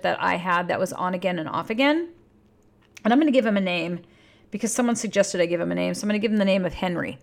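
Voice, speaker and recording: A woman relationship coach talking in a casual advice monologue, candid and blunt, swearing freely, with emphatic jumps in pitch. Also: quick pace, creaky.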